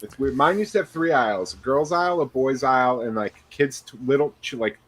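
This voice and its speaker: Husky-voiced dude on a podcast, blunt, drops swears casually. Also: male voice, medium pitch, fairly quick, a bit bright. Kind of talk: casual chat.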